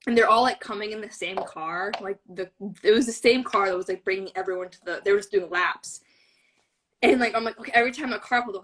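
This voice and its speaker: A woman's voice: mid-range voice, a bit bright, low-quality recording. A young woman telling a fan story in a casual chat, gushing and breathless with many fillers. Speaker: fan panelist.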